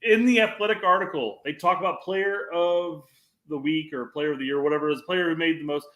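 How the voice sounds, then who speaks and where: A man's voice: on the high side, fairly quick, fairly bright tone. A man co-hosting a casual soccer podcast, asking questions and passing on audience comments. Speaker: podcast co-host. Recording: echoey room.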